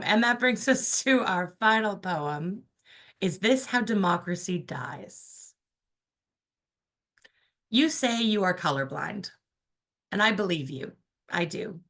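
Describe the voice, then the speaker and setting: A young woman with a Canadian accent performing her own spoken word poems, slow and measured, with casual asides between pieces. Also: mid-range voice, fairly bright tone. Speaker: poet. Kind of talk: spoken word poetry reading.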